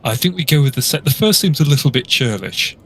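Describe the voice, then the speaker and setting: A man's voice: mid-range voice, expressive, fast talker, a bit bright, husky. Wry man chatting over a game. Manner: dry, wry remarks. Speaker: co-player on a call. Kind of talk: casual chat while playing. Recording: faint background noise.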